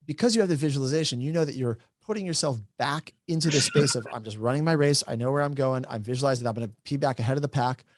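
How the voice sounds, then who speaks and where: A man's voice: mid-range voice, dry recording, clean studio sound. A man moderating a casual discussion as a real estate agent, explaining ideas through examples and checking in with "right?". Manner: brisk, explanatory, keeps adding "right?".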